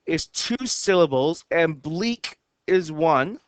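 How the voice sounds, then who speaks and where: A man teaching a lesson, slowly counting the syllables of short poems and reading their lines aloud word by word. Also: a little high, expressive, a bit bright, clear, resonant tone, no echo. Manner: slow and careful, reads lines out word by word. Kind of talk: explaining haiku syllable counts.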